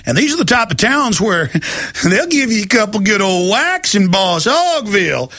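Male talk radio host, high, piercing voice, dry sound, heated and emphatic ranting. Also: very animated, moderate pace, sharp tone, no room sound.

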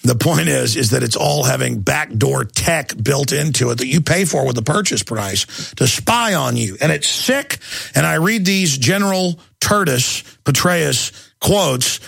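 An intense male radio host rants in a combative monologue. His gravelly voice has a heavy rasp and a husky, rough edge. The sound is dry and close, with no room echo. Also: mid-range voice, expressive, unhurried, fairly bright tone. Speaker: radio talk show host.

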